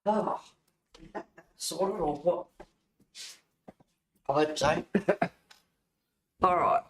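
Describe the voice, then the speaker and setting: A woman's voice: lowish voice, drawn-out words, fairly bright tone, echoey room, a little hiss or hum. A woman hosting a live colouring stream, chatting casually, reading and answering viewers, laughing often. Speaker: livestream host reading chat. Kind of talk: casual chat while colouring. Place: home room at a table.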